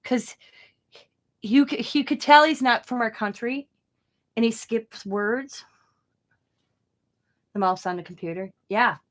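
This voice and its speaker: A woman's voice: on the high side, takes it slowly, pauses often. A middle-aged woman chatting casually about her day while she crafts, rambling and laughing as she goes. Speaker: craft vlogger.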